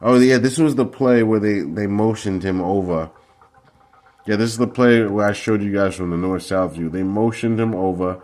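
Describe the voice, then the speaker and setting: A man's voice: fairly low pitch, normal speed, darkish tone. A man breaking down football game film in a heated, profane, combative rant. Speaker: football analysis vlogger.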